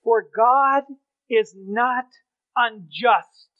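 High-voiced preacher on a tinny line. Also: male voice, very slow, no echo. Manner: swings from loud high emphasis to low quiet asides. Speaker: pastor. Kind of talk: sermon. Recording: dry, tinny phone-like sound.

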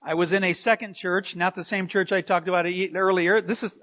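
A man's voice: sits high, steady tone, a little fast, a bit bright. A middle-aged man, a pastor, preaching a sermon and telling stories with chuckles and asides.

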